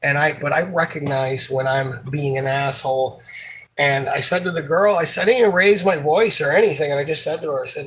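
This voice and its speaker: Man, somewhat high-pitched voice, venting about work in a frustrated, rambling, profane monologue full of restarts. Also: a bit bright, a little hiss or hum, rough recording. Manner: frustrated, rambling, swears a lot; halting, many fillers and restarts. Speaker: supermarket worker.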